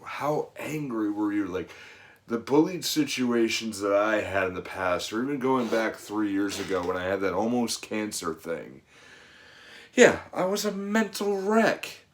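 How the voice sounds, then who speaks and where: A middle-aged man, a fitness coach, giving an earnest, rambling motivational monologue full of "you know" asides. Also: fairly low pitch.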